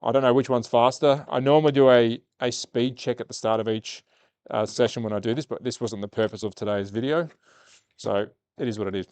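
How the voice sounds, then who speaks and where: A man's voice: mid-range voice, brisk, clean tone, no room sound. A man with an Australian accent hosting a live slot car stream, chatting casually with viewers and calling the race. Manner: casual, talks to chat, turns excited calling the race. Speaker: slot car livestream host.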